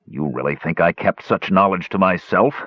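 A battered old dwarf, as a man puts him on, croaking and growling with bitter scorn. His husky, low voice comes through a dull, dry recording. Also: moderate pace, no echo.

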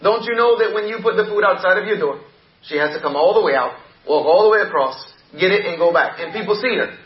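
A man's voice: sits high, lively intonation, quick pace, echoey room, highs cut off. A man voicing a scheming male devil who whispers temptations in a coaxing, persuasive way.

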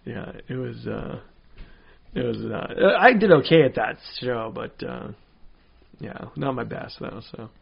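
Man, stand-up comedian, gravelly, rambling chat, muffled lo-fi recording. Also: medium pitch, lively intonation, measured pace. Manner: rambling, lots of fillers. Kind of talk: casual chat.

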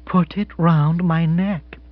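A man putting on an impulsive, romantic woman with a high cry. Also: expressive, drawn-out words, no room sound, exaggerated voice. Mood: whispering. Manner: high breathless cries, pleading. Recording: dull, dry close recording.

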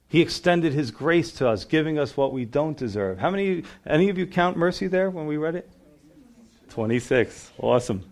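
Pastor guy preaching, kinda high voice, gets fired up then drops low reading verses. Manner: fervent, rising and falling emphasis while reading scripture. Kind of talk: sermon.

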